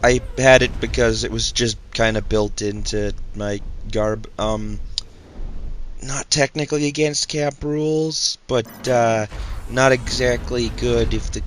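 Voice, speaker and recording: A man's voice: mid-range voice, a bit bright, slight background noise. A young man hosting his own channel, telling a rambling story full of ums, restarts and self-mocking asides. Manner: hesitant, full of fillers and self-corrections, self-mocking.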